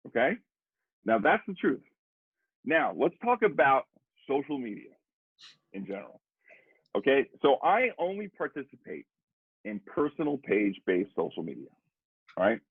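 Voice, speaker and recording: A middle-aged man, a guest drummer and educator, telling a story in a rambling, animated way, with lots of repeated "I said.". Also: medium pitch, normal speed, pauses often, husky, no echo. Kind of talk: casual storytelling conversation. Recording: dry, tinny phone-like sound.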